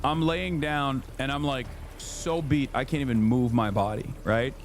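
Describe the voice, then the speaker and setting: A man in his thirties telling a story on his livestream, casual, profane and animated, jumping into high-pitched quoted voices. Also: unhurried, slight background noise. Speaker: streamer.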